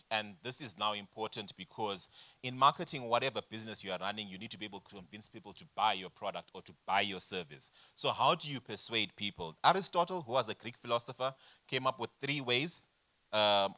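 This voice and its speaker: A man in his forties leading a business workshop, lecturing in an animated way and asking the room rhetorical questions. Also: lowish voice. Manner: animated, addresses audience directly with rhetorical questions. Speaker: workshop facilitator.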